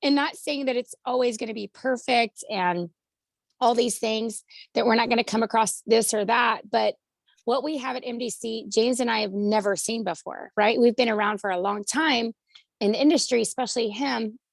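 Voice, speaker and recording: A woman giving enthusiastic feedback on a video call, speaking emphatically with a hoarse, gravelly voice. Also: a little high, moderate pace, dry recording. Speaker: community member giving feedback.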